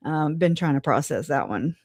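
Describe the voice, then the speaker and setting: A woman's voice: deep voice, lively intonation, moderate pace, a little mellow, no echo, studio quality. A woman hosting a casual livestream, greeting viewers by name, chatty and frank, laughing often. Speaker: livestream host.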